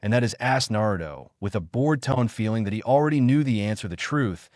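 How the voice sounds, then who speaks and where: Male narrator, low register, dry close sound, even scripted storytelling. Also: quick pace, no echo.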